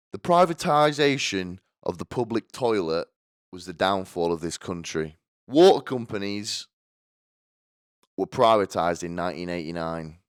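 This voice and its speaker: A man with a low, smooth, resonant voice delivers a sardonic comedic monologue. He rambles and restarts his sentences often. The sound is dry and close to the mic. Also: dry recording. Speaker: podcast host.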